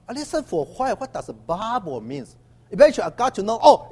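High lively preacher in a reverberant hall. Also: male voice, husky. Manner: halting with many uh fillers, emphatic call-and-response. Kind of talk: sermon.

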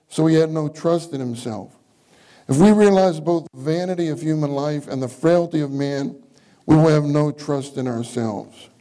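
A man's voice: on the high side, mellow, poor audio. A male preacher giving a conversational sermon at a church meeting, often putting questions to his listeners. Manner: interactive, questions the congregation.

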